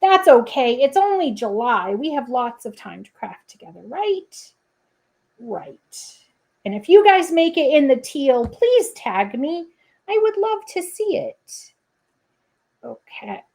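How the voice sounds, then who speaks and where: A woman's voice: sits high, very animated, slow, darkish tone. A woman hosting a casual crafting livestream, chatting to viewers with playful asides and humming little scat tunes while she works. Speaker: papercrafting livestream host.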